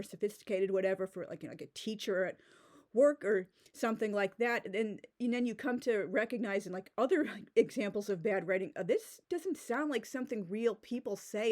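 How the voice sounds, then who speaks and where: A woman with a slightly high voice rants about a bad book in loose, casual speech. She sounds exasperated and fills her talk with filler words and restarts. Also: a little mellow. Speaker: book reviewer. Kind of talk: casual critical rant.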